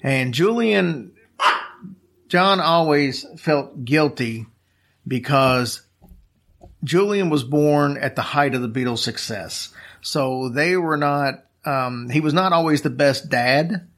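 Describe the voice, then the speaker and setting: A man's voice: fairly high pitch, slow pace, fairly bright tone. A man casually telling a long story as a podcast host, rambling with fillers and restarts.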